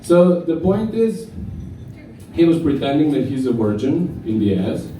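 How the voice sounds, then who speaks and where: Slow-talking man roasting a friend on stage. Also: a little high, a little hiss or hum. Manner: crude, deadpan insult jokes. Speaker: roast comedian. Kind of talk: stand-up roast set. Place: bar stage with a laughing crowd. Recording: echoey room, mic heard from far.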